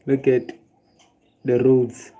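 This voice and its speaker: A man's voice: medium pitch, extremely slow, highs cut off. A South African man with a South African accent, chatting casually on a livestream, ranting and joking with his viewers. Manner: animated ranting, swearing and laughing at chat.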